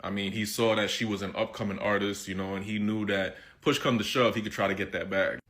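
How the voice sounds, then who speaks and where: A man's voice: fairly low pitch, fairly even intonation, a little fast, a bit bright. A man giving casual commentary, amused and incredulous.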